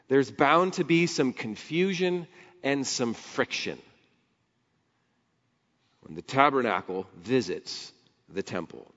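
A man preaching a sermon, animated and building to near shouts, quoting scripture and acting out the crowd's voices. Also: medium pitch, slow pace, long pauses. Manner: animated, rising to near shouts on key points. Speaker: pastor. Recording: dull sound with long hall reverb.

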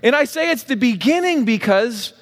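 A man preaching to a church congregation, telling a made-up story and acting out both voices in the conversation with lively shifts. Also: very high voice, normal speed, big-room sound. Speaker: pastor. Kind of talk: sermon. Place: church sanctuary.

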